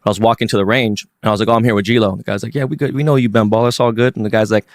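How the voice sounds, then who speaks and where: Fast-talking slangy male host. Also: on the low side, fairly even intonation, no room sound, studio quality. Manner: loose slangy talk. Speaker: podcast host. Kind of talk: casual chat.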